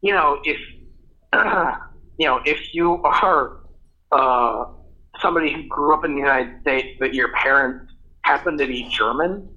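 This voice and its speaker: Bright-voiced man rambling on a podcast. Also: on the high side, measured pace, pauses often, highs cut off. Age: 30s. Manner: rambling, filler-heavy questions. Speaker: podcast co-host. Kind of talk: casual chat.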